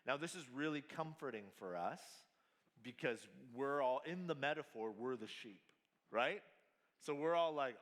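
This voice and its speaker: A man preaching a sermon at a family camp, slow and emphatic, mixing scripture with casual slang. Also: fairly high pitch, expressive, a bit bright. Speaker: pastor. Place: large hall at a family camp. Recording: hall reverb.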